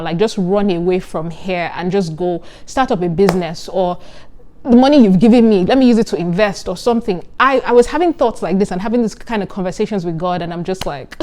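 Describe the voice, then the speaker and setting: A young woman in her twenties, a medical student, chatting casually to camera in an animated, giggly and earnest way. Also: mid-range voice, moderate pace. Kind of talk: casual vlog talk.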